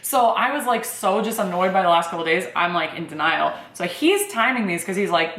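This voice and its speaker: A young woman casually telling her birth story in a chatty, animated way, full of fillers. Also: on the low side, fairly quick, hardly any pauses, roomy sound.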